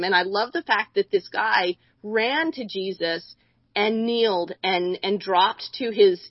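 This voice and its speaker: A woman's voice: mid-range voice, husky, no room sound, muffled recording. A woman co-hosting a Bible discussion, speaking earnestly and emphatically, often restarting her sentences. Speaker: co-host.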